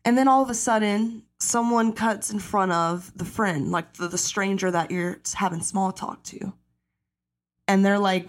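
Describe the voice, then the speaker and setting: A woman's voice: medium pitch, normal speed. A woman in her twenties talks her way through a podcast episode in loose, casual chat. She acts out the people she quotes, swears freely, and fills her speech with fillers. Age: 20s. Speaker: podcast host.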